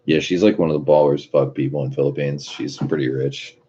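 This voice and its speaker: A man's voice: a bass voice, little pitch movement, a little fast, few pauses, warm tone, husky. A man reading out viewer chat and chatting casually, with a laid-back, profane manner and frequent laughs. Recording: muffled lo-fi recording.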